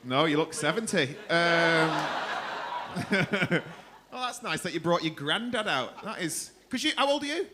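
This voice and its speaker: A man's voice: sits high, very animated, a little slow, heavy background noise. A man hosting a comedy club, doing teasing, foul-mouthed crowd work from the stage. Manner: brash, teasing, swears freely.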